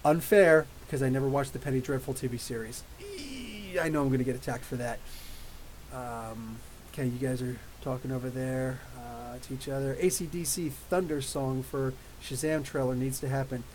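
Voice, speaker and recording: A man in his thirties hosting a live podcast, reading viewer questions and telling rambling, animated stories. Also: mid-range voice, normal speed, low-quality recording. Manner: rambling, animated storytelling with laughs. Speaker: podcast host. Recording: faint hiss.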